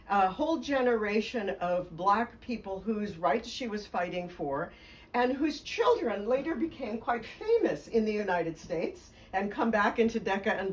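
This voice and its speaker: A woman's voice: mid-range voice, recorded from a distance, poor audio. A woman biographer telling stories in a conversation, speaking fluently and with emphasis. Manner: fluent, emphatic, laughs along. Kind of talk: conversational storytelling interview.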